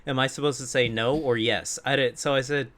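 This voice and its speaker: A man's voice: mid-range voice, fairly even intonation, fairly quick, fairly bright tone. A man co-hosting a podcast, telling a profane, laughing story about a rude customer in casual chat. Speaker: podcast co-host.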